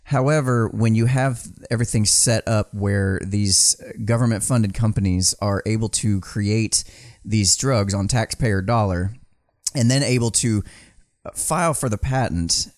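Low-voiced swearing podcast man. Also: unhurried, no echo, studio quality. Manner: rambling, swears casually, many restarts. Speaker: podcast co-host. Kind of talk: casual chat. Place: small building.

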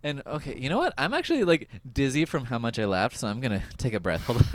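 Young man, podcast host, casual recap, lively pitch, frequent laughter. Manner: laughs often, goofy and animated, lots of fillers. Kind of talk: casual episode recap chat.

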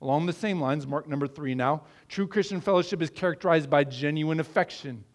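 A man's voice: on the high side, brisk. A middle-aged man from the American Midwest preaching a sermon, earnest and conversational, asking his listeners questions. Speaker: pastor.

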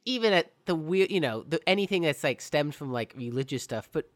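A man's voice: fairly high pitch, lively intonation, a little fast. A man co-hosting a casual chat, laughing often and giving short reactions.

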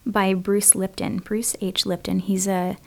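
A woman's voice: mid-range voice, flat delivery, a little slow, creaky, darkish tone. A woman co-hosting a podcast, talking in a chatty, enthusiastic way and laughing easily. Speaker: podcast co-host. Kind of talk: casual conversation.

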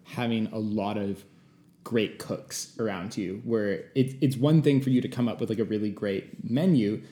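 Mellow-voiced male interviewer. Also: lowish voice, moderate pace, echoey room. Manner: short backchannel replies, loose questions. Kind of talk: casual interview.

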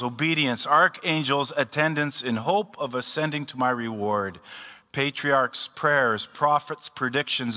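A man speaking as a pastor, giving a sermon and calmly leading his congregation in a recited prayer. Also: mid-range voice. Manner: calm, unhurried, leads a recited prayer. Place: church hall. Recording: long hall reverb.

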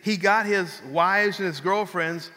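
A man in his fifties preaches a sermon with a high, bright voice, telling stories in a chatty, animated way. His words carry a long reverb from a large church hall. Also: a little slow. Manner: conversational storytelling, animated, acts out quotes. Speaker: pastor.

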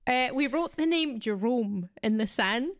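A woman's voice: fairly high pitch, animated, measured pace. A young Scottish woman co-hosting a podcast, telling stories in chatty, casual talk and laughing a lot. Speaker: podcast co-host. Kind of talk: casual storytelling chat.

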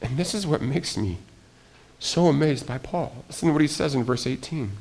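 Animated male preacher with hushed asides. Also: mid-range voice, normal speed, gravelly, a little hiss or hum. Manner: animated, swings from hushed asides to loud exclamations, self-interrupting restarts. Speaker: pastor. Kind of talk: sermon.

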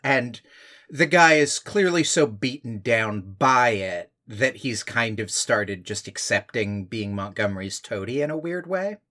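A man co-hosts a casual film discussion, walking through a plot at an unhurried, reflective pace. His voice sits in the middle range, and he often pauses to search for the right words. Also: mid-range voice, animated, pushed and bright. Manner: thoughtful, hesitant explaining with fillers. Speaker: podcast co-host.

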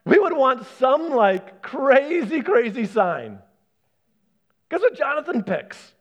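A man preaching a sermon as pastor, animated, acting out the voices he quotes. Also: extremely high pitch, slow, muffled recording.

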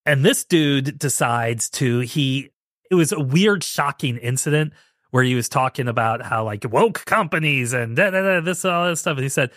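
Male podcast host, mid pitch, sarcastic ranting commentary, dead dry booth sound. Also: normal speed, fairly bright tone, no room sound. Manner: sarcastic, mocking impressions of others. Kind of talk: casual commentary.

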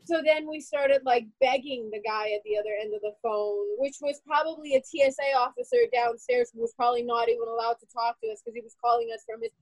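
A woman telling a painful personal story in an interview, animated and full of "like" fillers. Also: on the high side, fairly quick, hardly any pauses, no room sound, rough recording. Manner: animated, heavy use of "like" fillers.

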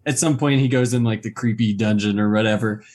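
A man's voice: on the low side, fairly even intonation, fairly quick, darkish tone. A man casually discussing a horror movie, hesitant and peppering his talk with fillers.

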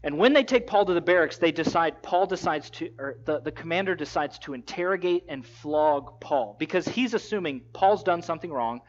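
Animated storytelling preacher, slightly high voice. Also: male voice, brisk, hardly any pauses. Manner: animated storytelling, acts out quotes in casual voices. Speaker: pastor. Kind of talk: sermon. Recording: dull lo-fi sound.

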